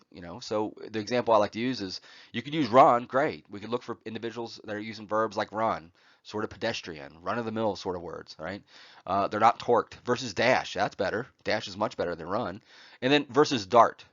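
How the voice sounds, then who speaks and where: A man's voice: on the low side, a bit bright, dry recording. A man lecturing a college class on poetry, with many "uh" fillers and a habit of asking "right?". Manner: frequent "uh" fillers and tag "right?". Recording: dull, dry lo-fi recording.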